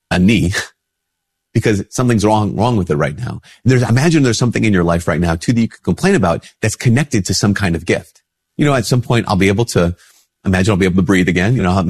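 A Catholic priest with a slightly rough voice gives an informal spoken reflection, a bit sick and nasally congested. In a conversational way, he acts out quoted replies with a higher, lifted voice. The recording is dry and of studio quality.

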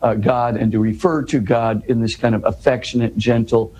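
A man's voice: mid-range voice, flat delivery, normal speed, a little mellow, rough recording. A man, a guest in an interview, explaining scripture in earnest conversation. He restarts and repeats words, tags his points with "right?" and builds to emphatic questions.

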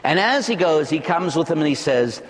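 A priest delivering a dramatic, emphatic sermon, building up to loud shouts. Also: male voice, fairly high pitch, expressive, normal speed, in a large hall.

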